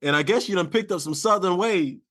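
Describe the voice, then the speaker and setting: A man's voice: high voice, brisk, a bit bright. A man hosting his own podcast, chatting casually with short replies and frequent laughter. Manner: laid-back, laughs often, short backchannels. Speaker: podcast host. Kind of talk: casual chat.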